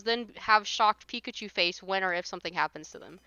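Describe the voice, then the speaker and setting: A woman's voice: mid-range voice, lively intonation, fairly quick, few pauses, pushed and bright, smooth, no room sound, dull audio. A woman livestreamer chatting casually while gaming, ranting in an exasperated, blunt way and swearing.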